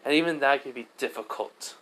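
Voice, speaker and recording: A man's voice: mid-range voice, brisk, fairly bright tone, natural voice, low-quality recording. A man voicing a weary, earnest young male hero student who lectures at length.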